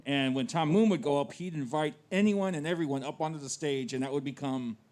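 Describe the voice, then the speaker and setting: A man co-hosting an open mic who explains things casually, with halting restarts. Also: fairly high pitch, darkish tone. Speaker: co-host. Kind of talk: casual chat.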